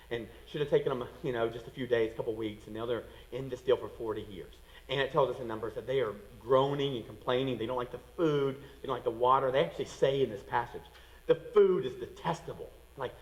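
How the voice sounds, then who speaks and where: A man preaching a sermon as a pastor, animated and acting out the voices of people in the story. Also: mid-range voice, long reverb tail, poor audio.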